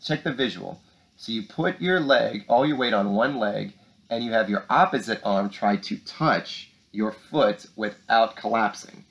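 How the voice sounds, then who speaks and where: A man's voice: lowish voice, a little slow, gravelly, a bit bright, highs cut off. A man hosting upbeat morning announcements for schoolchildren, reading letters and leading exercises. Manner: upbeat, speaks to kids with rising emphasis. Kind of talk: lively morning announcements for children.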